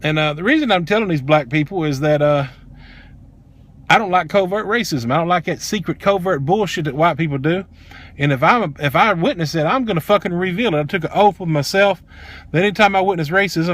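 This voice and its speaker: A man's voice: fairly high pitch, a bit bright. A middle-aged man, telling a personal story bluntly and with plenty of swearing. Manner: blunt, profane, heated. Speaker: vlogger. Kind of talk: casual storytelling.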